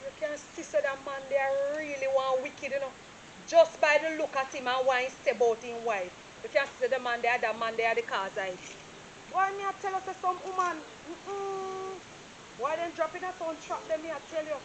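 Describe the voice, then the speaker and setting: A woman's voice: sits high, normal speed, background noise, lightly acted. A woman playing a nosy, gossipy Jamaican surveyor. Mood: gossiping. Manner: gossipy, animated Patois storytelling. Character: nosy, chatty young female property surveyor. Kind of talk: Jamaican stage-style movie acting.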